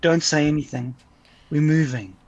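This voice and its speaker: A man voicing a brisk, no-nonsense woman agent who gives curt commands. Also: a little high, highs cut off, lightly acted.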